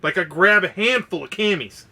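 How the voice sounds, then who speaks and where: Guy on a podcast swearing through a story, high bright voice, bit far from the mic. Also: moderate pace. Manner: profane, animated storyteller. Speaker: podcast co-host. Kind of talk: casual storytelling.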